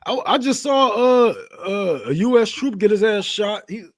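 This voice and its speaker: A man's voice: high voice, moderate pace. A man hosting a casual political livestream, loose and profane, breaking into mocking asides and jokes. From Detroit. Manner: loose, profane and joking, drops into mocking put-on voices. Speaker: livestream host.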